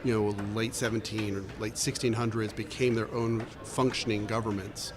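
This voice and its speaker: A man on a podcast panel, explaining a point in a measured way. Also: lowish voice, flat delivery. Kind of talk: casual panel chat. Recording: crowd noise behind.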